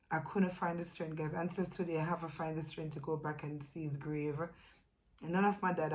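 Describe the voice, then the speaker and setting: A woman with a Jamaican accent talks straight to her viewers in a personal vlog, her voice sitting a little low. She tells her story in a halting, emotional way, breaking off and starting her sentences again. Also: a little mellow, low-quality recording. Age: adult with a young son. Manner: halting, emotional, with many restarts. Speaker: vlogger.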